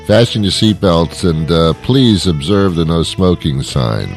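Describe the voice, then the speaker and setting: Male radio host with a very low voice, dry rambling jokes and chuckles. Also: lively intonation, a little slow, over music. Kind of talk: comedic radio monologue.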